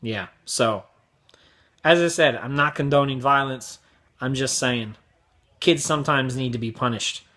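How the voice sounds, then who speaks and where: A man's voice: mid-range voice, measured pace, pauses often, pushed and bright. A young man hosting his vlog, telling crude, exaggerated stories in a brash comedic rant. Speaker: vlog host.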